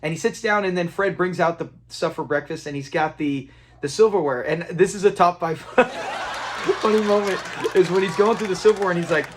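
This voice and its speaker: A man's voice: sits high, fairly quick, a little hiss or hum. A man casually recapping a classic sitcom episode, retelling scenes, acting out quotes and chuckling along. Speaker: TV episode reviewer.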